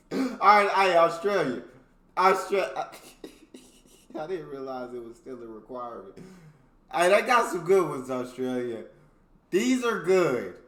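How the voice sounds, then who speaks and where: A man's voice: a little high, very animated, slow, pauses often, a bit bright, reverberant. An American man hosting a reaction video, reading jokes aloud in casual commentary and laughing often between them. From United States.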